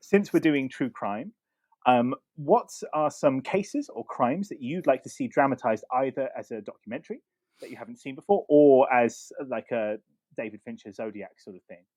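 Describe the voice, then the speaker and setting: A man's voice: medium pitch, moderate pace, a little mellow, no echo. Rambling man in his thirties, dry sound. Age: 30s. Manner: rambling, with many ums and restarts. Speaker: podcast co-host. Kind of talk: casual chat.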